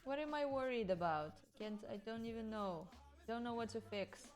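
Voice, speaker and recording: A woman's voice: a little high, normal speed, soft background music. A young woman with a Ukrainian accent chatting casually on a live stream, rambling, giggling and searching for her English words.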